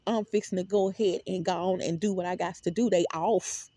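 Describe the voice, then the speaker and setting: A woman's voice: fairly low pitch, a little fast, dry recording. Emphatic woman rambling to viewers. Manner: animated and emphatic, repeats words, swears freely. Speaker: vlogger. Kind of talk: casual rambling monologue to viewers.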